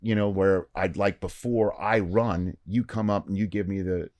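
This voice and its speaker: Deep-voiced man telling a rambling story. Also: moderate pace, no echo. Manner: rambling, animated anecdote-telling with many fillers. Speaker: podcast host. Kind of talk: casual storytelling chat.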